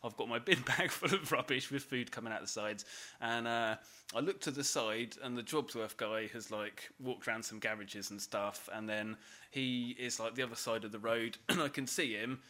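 A man's voice: mid-range voice, moderate pace, sharp tone. A man on a podcast, animatedly telling a story through laughter and swearing. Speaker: podcast co-host. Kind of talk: casual storytelling chat.

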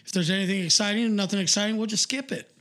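A man's voice: high voice, racing, a bit bright. A man co-hosting a podcast in casual live-stream chat, rambling bluntly with lots of fillers and swearing. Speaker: podcast co-host.

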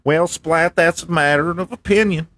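A man's voice: a little high, moderate pace, noisy background, pitched above the performer's own voice, natural voice. A man putting on a pious blustering janitor. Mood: indignant. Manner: indignant, calls everyone buddy. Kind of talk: improvised comedy bit.

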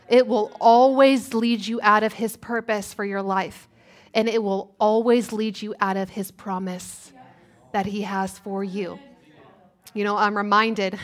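A woman preaching a sermon in church, animated and acting out complaining voices. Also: on the high side. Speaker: guest preacher.

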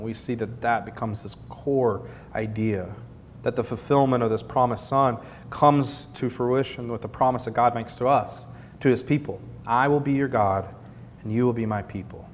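A man's voice: fairly even intonation, normal speed. Earnest preaching man in an echoing hall. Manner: earnest, conversational preaching with rhetorical repetition. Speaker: pastor. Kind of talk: sermon. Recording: long hall reverb, faint rumble.

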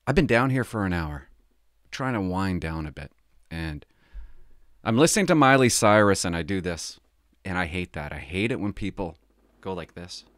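A man's voice: low voice, very animated, unhurried, long pauses, fairly bright tone, dry recording, studio quality. A middle-aged man from Canada, a former police officer, talking casually and confidingly on his podcast, rambling and laughing as he tells stories.

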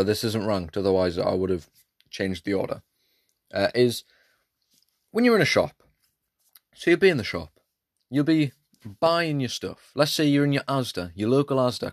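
A man's voice: medium pitch, no room sound, clean studio sound. Rambling young male podcaster. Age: late teens. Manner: rambling, jokey, self-deprecating. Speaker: podcast host. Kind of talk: casual solo podcast chat.

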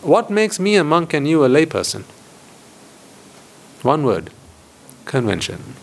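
A man's voice: fairly high pitch, big pitch swings, unhurried, creaky. A man, a Buddhist monk, giving a dharma talk to a lay audience, often asking rhetorical questions and repeating phrases for emphasis. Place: hall with board.

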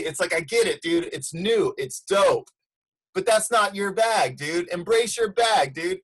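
A man co-hosting a surf podcast, talking in relaxed surfer slang, calling people "dude" and going off on a rant. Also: sits high, a little slow, husky, rough recording. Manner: laid-back surfer slang, ranting. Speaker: podcast co-host. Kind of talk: casual chat.

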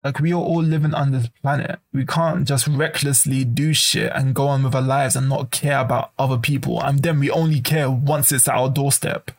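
Gravelly man ranting casually. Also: mid-range voice, normal speed, hardly any pauses. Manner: ranting, swearing, animated, acts out quoted voices. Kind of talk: casual monologue to camera.

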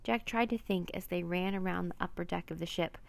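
A woman reading a children's adventure book aloud in an expressive storytelling manner. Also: on the low side, a little fast, vocal fry.

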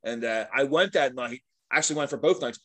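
Fast-talking, animated middle-aged man. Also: mid-range voice. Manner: animated, laughs often, acts out quotes. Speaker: guest, veteran sports mascot. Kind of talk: casual storytelling.

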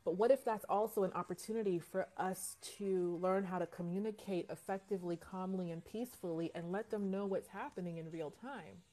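A woman's voice: fairly low pitch, brisk, hardly any pauses, dark tone. A woman in a live-stream conversation, speaking earnestly and reflectively about parenting, often repeating phrases as she searches for words.

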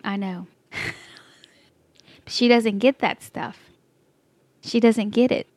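A woman's voice: a little high, steady tone, slow, darkish tone, no echo. A woman with a Texas accent telling a story in casual chat, laughing often and acting out her own thoughts. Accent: Texan.

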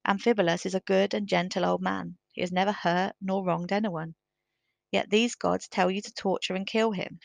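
A woman reading the lines of a brave young male lord in a storybook, steady and firm. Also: medium pitch, normal speed, gravelly, dry recording, close to an everyday voice.

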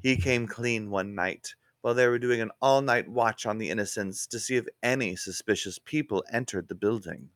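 A man narrating a mystery story in an unhurried, expressive way. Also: fairly low pitch, dry recording.

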